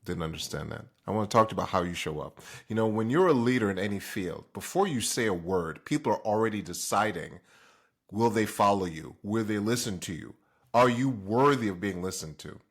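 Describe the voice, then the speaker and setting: A man's voice: on the low side, animated, fairly quick. A man from Jamaica hosting a motivational talk, speaking emphatically and throwing rhetorical questions at the listener. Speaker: host.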